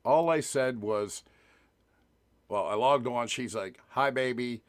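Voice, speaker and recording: A man's voice: medium pitch, animated, slow pace. A man vlogging casually to camera, joking and rambling with frequent restarts and asides.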